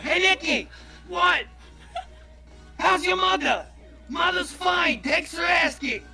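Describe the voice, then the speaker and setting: A man putting on a loud, brash Brooklyn man shouting on the street, in a Brooklyn accent. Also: very high voice, expressive, slow pace, gravelly, pitched above the performer's own voice, heavily acted. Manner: shouted, rowdy. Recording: music playing behind.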